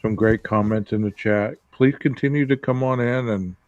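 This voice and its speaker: A man's voice: medium pitch, moderate pace, a little mellow, dry recording. Laid-back male podcast host, lo-fi. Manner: laid-back, joking sign-off with a put-on airline pilot announcement. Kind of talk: casual chat. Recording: dull lo-fi sound.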